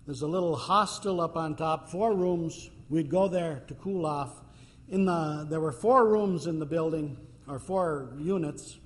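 A man's voice: on the high side, unhurried, big-room sound. A man preaching a sermon, telling stories in a casual, conversational way with fillers.

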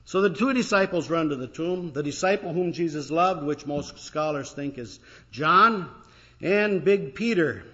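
A pastor preaching an Easter sermon, retelling a story in a conversational way with pauses and fillers. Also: male voice, a little high, lively intonation, fairly bright tone, lo-fi sound. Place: church.

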